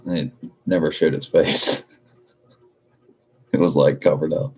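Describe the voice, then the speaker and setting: A man's voice: very deep voice, steady tone, a little slow, slightly rough, muffled recording. A man hosting a casual livestream, reading viewer comments aloud and joking with a lot of profanity and frequent laughter. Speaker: livestream host.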